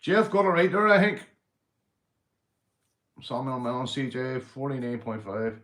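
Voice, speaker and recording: A Northern Irish man hosting a livestream, telling crude jokes, swearing and shouting out viewers. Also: mid-range voice, sing-song, a little slow. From Northern Ireland. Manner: rowdy, swearing, joke-telling, reading viewer comments. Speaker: livestream host. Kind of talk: casual livestream chat.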